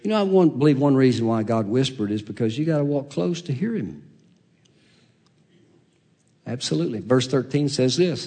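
Soft-spoken preacher, man, sermon voice. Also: medium pitch, expressive, normal speed, long pauses, breathy edge. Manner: soft-spoken, dropping to a whisper for God's voice; reads scripture in King James wording.

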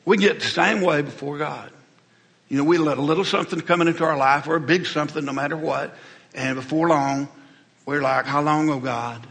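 A man's voice: a little high, fairly even intonation, fairly quick, creaky, a bit bright. A middle-aged man, preaching a conversational, folksy sermon as pastor, often repeating words as he goes. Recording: hall reverb.

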